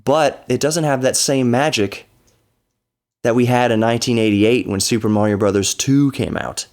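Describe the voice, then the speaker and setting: A man's voice: medium pitch, normal speed, a little mellow. A man in his thirties hosting a podcast, talking casually in a rambling, nostalgic way and often correcting himself. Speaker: podcast host. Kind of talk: casual solo podcast talk.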